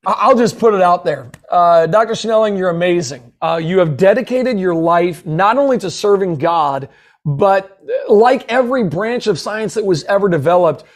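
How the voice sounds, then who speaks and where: High-voiced, effusive male webinar host. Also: lively intonation, moderate pace. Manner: eager and effusive, with many fillers. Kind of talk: upbeat guest introduction.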